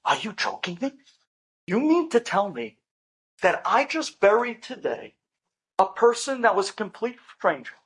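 A man's voice: high-pitched, big pitch swings, moderate pace, a bit bright, breathy edge, full character voice. A man voicing a frantic middle-aged son who fires off incredulous questions.

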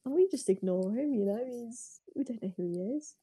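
A woman's voice: fairly high pitch, animated, a little fast, mellow, slightly rough. A woman telling a story in casual chat, chatty and sarcastic, laughing often.

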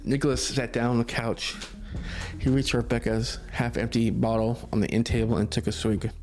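Brief: male podcast storyteller, casual and laid-back, mid pitch, soft music underneath. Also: flat delivery, normal speed. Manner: laid-back, swearing asides.

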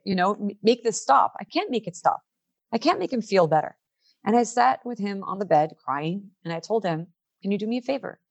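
A middle-aged woman gives a heartfelt inspirational talk. Her delivery is earnest and emotional, and she draws out her key phrases slowly for weight. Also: medium pitch. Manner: emotional, earnest, slows down for emphasis. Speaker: workshop leader.

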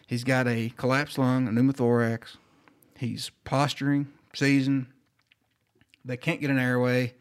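Man, flight nurse guest on a podcast, animated storyteller who acts out every voice. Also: mid-range voice, unhurried, smooth. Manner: animated storyteller acting out dialogue.

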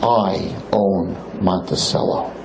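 A man voicing a powerful male club owner who speaks in a slow, low, threatening drawl. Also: gravelly, noisy background, exaggerated voice. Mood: menacing.

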